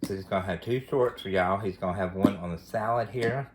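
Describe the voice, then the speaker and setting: A man's voice: fairly low pitch, fairly quick, heavy background noise. A man hosting a home cooking show from his kitchen, talking in a folksy, chatty way. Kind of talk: casual cooking demonstration.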